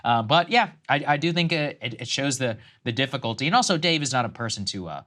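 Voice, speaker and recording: A man's voice: mid-range voice, expressive, fast, bright, forceful tone. A man co-hosting a political news show, reading reports aloud and then riffing with restarts. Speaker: co-host.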